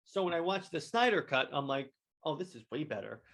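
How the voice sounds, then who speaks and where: Stammering excited man podcasting solo. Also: a little high, brisk. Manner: excited, rambling with many stammered restarts. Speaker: podcast host.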